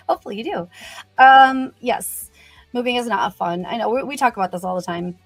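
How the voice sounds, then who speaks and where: Woman host, higher voice, upbeat and chatty, dry close sound. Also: normal speed, dry recording, faint music behind. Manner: chatty and upbeat, many "you know" fillers. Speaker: host of a brand livestream. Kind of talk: casual livestream chat, greeting viewers and reading comments.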